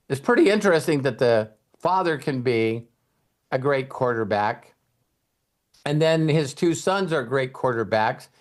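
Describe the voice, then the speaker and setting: A middle-aged man hosting a motivational talk, telling stories and acting out quoted voices with some casual swearing. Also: medium pitch. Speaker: host and mentor.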